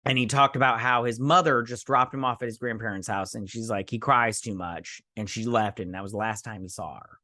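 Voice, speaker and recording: A man's voice: fairly low pitch, fairly even intonation, fairly quick, hardly any pauses, bright, forceful tone, dry recording, studio quality. A man hosting a casual show recap, sarcastic and rambling, often quoting characters in voices. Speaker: host.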